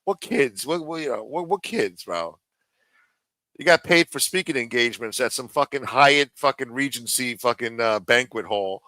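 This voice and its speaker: A man hosts a live show and rants with profanity and sarcasm. His voice is bright and forceful. The sound is dry and close. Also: medium pitch, animated, moderate pace, dry recording. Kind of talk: profane live-stream rant.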